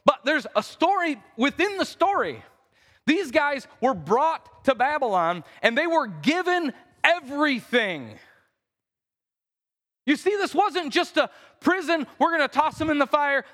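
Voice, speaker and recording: A pastor preaching a conversational sermon in a church, acting out the quotes in voices. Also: male voice, extremely high pitch, sharp tone. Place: church sanctuary. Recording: reverberant church hall.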